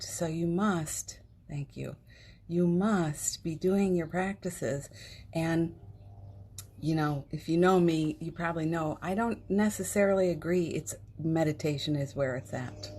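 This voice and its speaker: A woman hosting a morning live stream, chatting gently and affectionately with viewers, greeting them by name and laughing often. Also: on the low side. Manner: laughs often, speaks softly. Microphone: phone.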